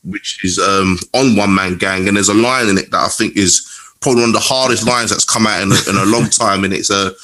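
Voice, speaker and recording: A man hosting a podcast, asking long, rambling questions in a relaxed way and swearing casually. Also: on the low side, brisk, poor audio. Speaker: podcast host. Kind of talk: casual interview.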